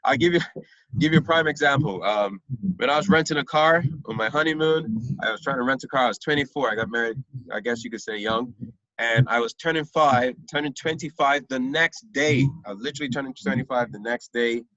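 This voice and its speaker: A man's voice: medium pitch, brisk, fairly bright tone, no room sound. A young man teaching a math lesson online, often checking that his students follow. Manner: patient, checks understanding often. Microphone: computer mic on a video call. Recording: dull, lo-fi video call audio.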